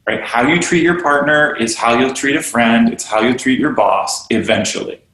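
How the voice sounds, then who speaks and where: A man's voice: medium pitch, moderate pace, a bit bright. A man being interviewed on a podcast, talking earnestly and animatedly about teaching and belonging, often acting out the voices of the people he quotes. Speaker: guest, yoga studio owner and teacher trainer. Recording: roomy echo.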